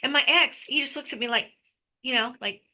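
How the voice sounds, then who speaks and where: A woman's voice: high voice, fairly quick, pushed and bright, slight background noise, rough recording. A middle-aged woman giving an emotional personal testimony as an interview guest, talking intensely with frequent restarts and stammers.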